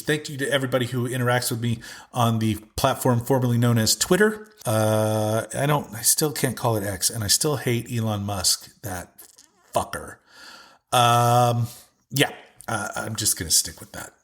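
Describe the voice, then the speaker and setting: A man's voice: mid-range voice, a bit bright. A middle-aged man hosting his own podcast, talking in a casual, rambling monologue full of restarts and asides. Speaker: podcast host.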